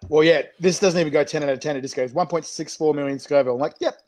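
Australian male host, a bit high-pitched, laughs easily, slangy banter. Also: steady tone, racing, darkish tone. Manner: jokey, laughs often, slangy. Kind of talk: live-streamed chat while eating chillies.

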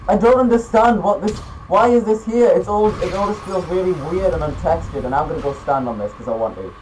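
A teenage boy giving gameplay commentary, excitable and quick to swear and yell at the game. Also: sits high, background noise. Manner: excitable, swearing, yelling outbursts. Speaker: gaming YouTuber.

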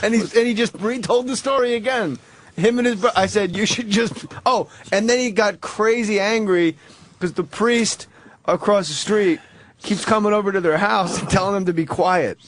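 A man on a radio talk show, telling a story and acting out the people in it with loud, excited voices. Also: sits high, moderate pace, a little hiss or hum. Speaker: guest comedian.

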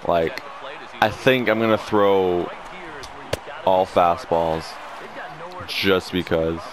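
A young man gives casual commentary while playing a video game, swearing often and erupting into angry rants at bad plays. His voice is low-pitched and extremely slow. Game music plays behind him, along with crowd noise.

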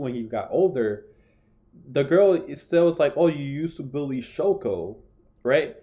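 Rambling man with a mellow voice. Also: medium pitch, muffled recording. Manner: rambling, self-correcting, chatty. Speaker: film reviewer. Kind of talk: casual video review.

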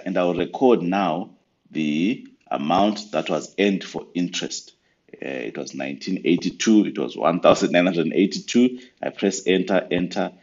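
A man giving a patient step-by-step software tutorial over a screen recording. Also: deep voice, dull audio. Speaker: software trainer.

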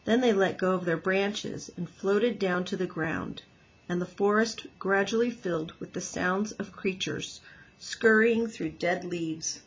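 A woman teacher reading a children's book aloud with gentle, expressive storytelling. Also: medium pitch, unhurried, husky, highs cut off.

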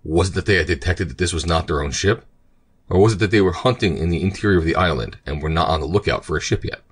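A man reading a classic adventure story aloud as an audiobook narrator, in a steady, measured storytelling manner. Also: rumbling low, slightly rough. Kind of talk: scripted narration.

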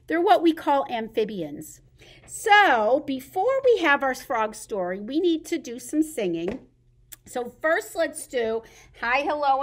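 High, slow sing-song librarian woman. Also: a bit bright. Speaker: children's librarian. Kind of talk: baby storytime with songs.

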